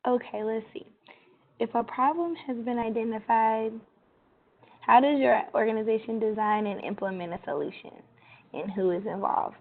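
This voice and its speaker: A woman interviewer on a tinny phone line, her fairly high voice roughened by vocal fry. She reads out her questions in an easygoing, measured way. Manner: casual, asks questions slowly from a list.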